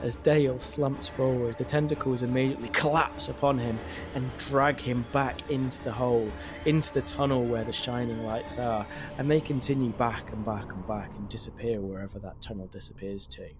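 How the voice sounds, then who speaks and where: A man narrating and running a tabletop game as game master, describing scenes in a measured way. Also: mid-range voice, fairly even intonation, over music.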